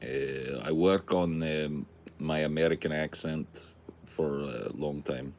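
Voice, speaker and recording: A man putting on a mock Russian accent, playing a deadpan Russian propagandist in a joking podcast bit. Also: rumbling low, slow, a little hiss or hum, pitched below the performer's own voice, full character voice.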